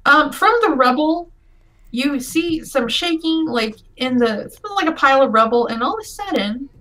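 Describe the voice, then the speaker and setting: A woman's voice: high-pitched, lively intonation, normal speed, bright, forceful tone. A woman narrating a tabletop game as game master, descriptive, with many fillers and frequent laughter.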